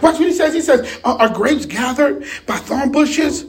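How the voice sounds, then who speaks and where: A man preaching a sermon in a lively, animated way, laughing and shouting at times. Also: very high-pitched, moderate pace.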